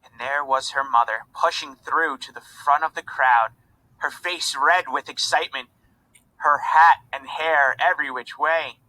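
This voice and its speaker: A man reading a children's storybook aloud in an expressive narrating voice. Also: fairly high pitch, unhurried, poor audio. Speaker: reader.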